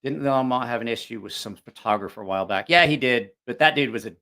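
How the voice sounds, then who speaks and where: Talking fast in a medium-pitched, sharp voice, this knife review channel host chats casually on stream. His talk is rambling and blunt, full of swearing and frequent restarts.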